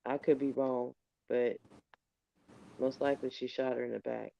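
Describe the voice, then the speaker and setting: Gravelly, dark-toned man reasoning aloud. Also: mid-range voice, level tone, normal speed, dull audio, a little hiss or hum. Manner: thoughtful, hesitant, reasoning step by step. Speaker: co-host. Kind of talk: casual chat.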